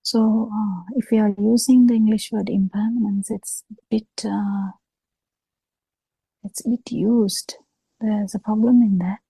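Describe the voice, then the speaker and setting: A woman giving a slow, halting dharma talk over a video call, pausing often as she explains. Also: mid-range voice, steady tone, vocal fry, dark tone, slightly rough, dry recording, low-quality recording. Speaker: Buddhist teacher.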